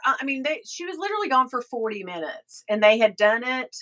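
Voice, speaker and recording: A woman's voice: high voice, brisk, hardly any pauses, sharp tone. A middle-aged woman hosting a live stream, chatting casually, telling stories and reading out viewer comments. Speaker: livestream host.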